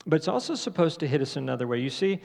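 A pastor giving a conversational sermon in a church, often asking the congregation questions. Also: male voice, a little high, sing-song, very fast, vocal fry, a little mellow, long reverb tail. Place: church sanctuary.

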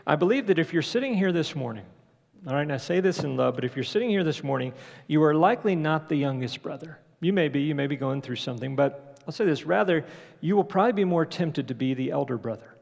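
Man, pastor, conversational sermon, slightly high, gravelly, long reverb of a church hall. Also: lively intonation, quick pace, a little mellow. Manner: conversational, asks the congregation questions. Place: church sanctuary.

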